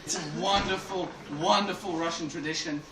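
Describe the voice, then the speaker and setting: A man's voice: sits high, fairly even intonation, normal speed, crowd noise. An English man doing stand-up comedy in a club, telling stories and laughing through his own jokes. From England. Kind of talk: stand-up storytelling. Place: club room with a live audience. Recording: echoey club from far off, noisy.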